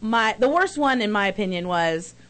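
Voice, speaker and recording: A woman's voice: medium pitch, expressive, normal speed, a bit bright. A woman co-hosting a casual chat show and telling stories in a chatty, emphatic way. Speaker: co-host.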